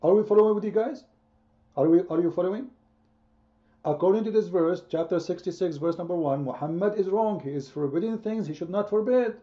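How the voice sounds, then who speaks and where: Emphatic high-voiced male debate host. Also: a little fast, dull audio. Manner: emphatic, repetitive, quizzing the audience. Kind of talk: heated online debate.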